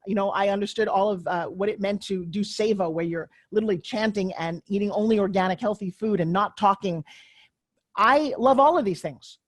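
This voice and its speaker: Energetic motivational woman speaker. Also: mid-range voice, a little fast. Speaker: guest. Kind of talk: podcast interview.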